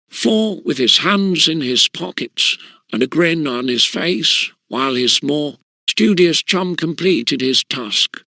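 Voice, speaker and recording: A man narrating an audiobook of a classic school story in a lively storytelling manner. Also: a little high, gravelly, no room sound.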